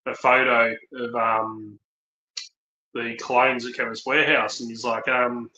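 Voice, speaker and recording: A man's voice: mid-range voice, level tone, unhurried, bright, forceful tone, lo-fi sound. A man chatting casually on a podcast, rambling through stories with lots of ums and acting out the dialogue. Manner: rambling anecdotes, frequent ums, acts out dialogue. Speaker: podcast co-host. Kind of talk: casual chat, storytelling. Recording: roomy echo.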